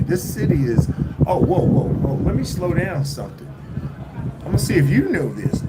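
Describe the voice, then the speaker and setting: A man livestreaming casually from his phone while traveling, rambling and halting with many fillers and restarts. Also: on the high side. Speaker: vlogger livestreaming. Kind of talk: casual live-stream chat. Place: indoors at a lodging while traveling. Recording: loud background noise.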